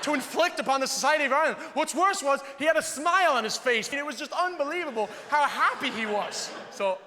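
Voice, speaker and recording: A man from the United States doing stand-up storytelling, animated and quick. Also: extremely high pitch, big-room sound, background noise. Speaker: stand-up comedian.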